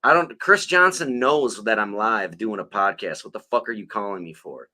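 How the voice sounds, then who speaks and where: Bright-voiced, profane man telling stories. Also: on the low side, expressive, normal speed. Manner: profane, rambling storyteller. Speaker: podcast co-host. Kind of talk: casual chat.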